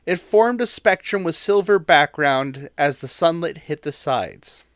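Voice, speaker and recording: A man's voice: a little high, expressive, measured pace, no echo, clean studio sound. A man co-hosting a podcast, recounting a story in a chatty way with fillers and reading quotes aloud. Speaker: podcast co-host.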